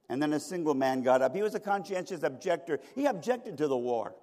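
A middle-aged male pastor preaching a sermon, telling a story dramatically with sharp swings between loud and soft. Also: medium pitch, lively intonation, brisk, gravelly, few pauses. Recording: reverberant hall.

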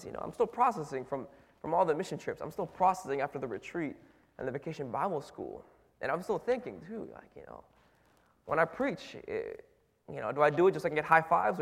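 Man preaching in a reverberant hall. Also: fairly high pitch. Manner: conversational, questioning, many fillers and restarts. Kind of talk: sermon.

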